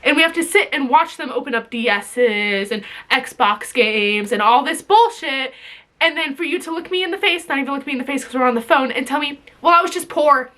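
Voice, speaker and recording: A young woman with a high, bright voice rants straight to camera. She is bitingly sarcastic and swears freely, and her voice catches with emotion at times. She speaks in an emotional vlog style. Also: brisk. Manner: bitterly sarcastic, swearing, voice breaking. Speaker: vlogger. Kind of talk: emotional direct-to-camera rant.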